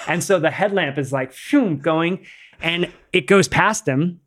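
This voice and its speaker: Speaking a little slowly in a fairly high, fairly bright voice, this man is a rock climber appearing as a podcast guest. His storytelling is loose and rambling, full of "like," free swearing and laughter.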